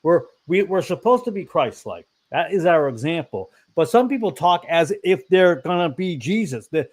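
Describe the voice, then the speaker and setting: A man's voice: fairly high pitch, sing-song, moderate pace, hardly any pauses, darkish tone. Blunt, rambling man preaching casually. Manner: rambling, self-correcting, blunt opinions. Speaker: online fellowship discussion host.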